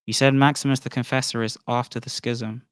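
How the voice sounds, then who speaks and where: A man argues in an online debate with an assertive, lecturing tone. His voice is smooth and resonant, and it sounds dry and close on the mic. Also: mid-range voice, level tone, brisk, dry recording. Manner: assertive, lecturing, presses questions.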